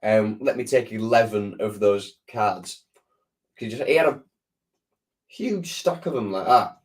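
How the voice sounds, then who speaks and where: A fairly low-voiced man talks loosely on a live stream, his throat sore. He rambles, stops and restarts, and answers viewers in a casual way. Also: a little slow. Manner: rambling, lots of restarts and ums. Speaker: football fan channel host.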